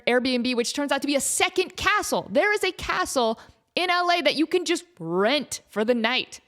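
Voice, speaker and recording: A woman in her thirties hosting her own podcast, telling a story in a chatty, animated way with lots of fillers and restarts. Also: a little high. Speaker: podcast host. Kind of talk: casual solo storytelling.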